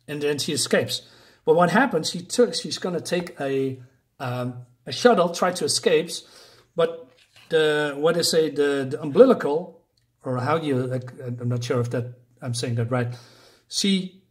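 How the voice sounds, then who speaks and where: A man with a slightly high voice casually recaps a comic book story, restarting often and using lots of fillers. He gets excited and laughs at the gory moments.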